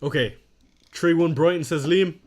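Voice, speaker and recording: A man's voice: a little high, moderate pace, darkish tone. Chatty young man live-streaming. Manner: chatty, self-deprecating, reads chat aloud. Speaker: fantasy football streamer. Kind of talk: casual live-stream chat reading viewer comments.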